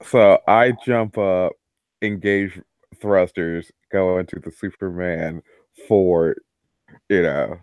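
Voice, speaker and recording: Deep-voiced young man playing a game. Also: takes it slowly, darkish tone, no echo, studio quality. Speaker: player.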